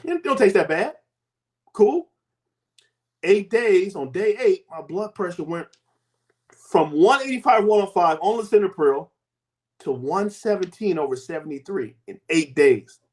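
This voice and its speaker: Man in his fifties, high voice, animated storytelling host, emphatic swoops. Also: moderate pace. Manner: emphatic, with big swoops in pitch and loudness. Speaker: host and health coach.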